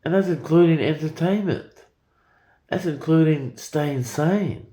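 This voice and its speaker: A man's voice: on the high side, unhurried, warm tone, reverberant. A man in his forties talking in a rambling, profane monologue with frequent stammered repetitions. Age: 40s.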